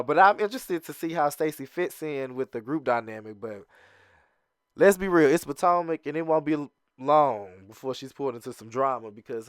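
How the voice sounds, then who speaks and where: A young man recaps a reality TV episode in a casual, animated chat and laughs often. His voice is smooth and resonant, and it sits at an ordinary pitch for a man. The recording is dry and close. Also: no room sound. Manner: chatty and animated, laughs often, acts out quoted lines in a higher voice.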